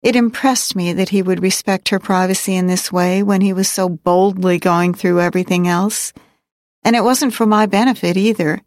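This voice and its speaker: A woman reading a novel aloud in first person, in a measured, wry and reflective way. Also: medium pitch, steady tone, a little mellow, no echo, clean studio sound. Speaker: audiobook narrator. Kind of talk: first-person audiobook narration.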